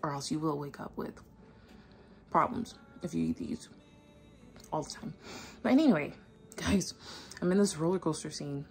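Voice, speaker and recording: A woman's voice: sits low, fairly even intonation, moderate pace, pauses often, faint music behind. A woman vlogger chatting to camera at home in a rambling, enthusiastic way. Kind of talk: casual chat to camera. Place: at home indoors.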